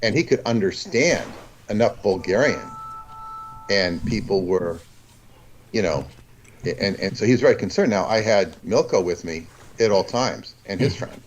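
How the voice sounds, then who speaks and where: A man talking as a guest in a casual conversation, rambling and halting, with many restarts. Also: fairly low pitch, animated, a little hiss or hum, poor audio.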